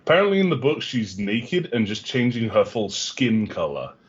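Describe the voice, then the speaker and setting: A man co-hosting a film podcast, chipping in with quick asides and acted quotes. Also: fairly low pitch, very animated. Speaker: podcast co-host. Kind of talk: casual film chat. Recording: dull lo-fi mic.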